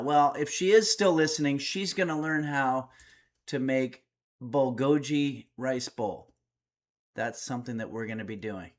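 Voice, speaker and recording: A man's voice: medium pitch, measured pace. Chatty man reading stream chat aloud. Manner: reads chat messages aloud, chatty and wry. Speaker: streamer and cooking host. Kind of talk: casual livestream chat. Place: home.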